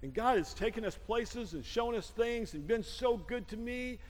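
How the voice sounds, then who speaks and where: A man's voice: extremely high pitch, animated, normal speed. Older guy pastor, sermon in a church, talks casual and jokey, keeps saying amen, lots of reverb. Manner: conversational, jokey preaching with frequent amens. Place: church sanctuary.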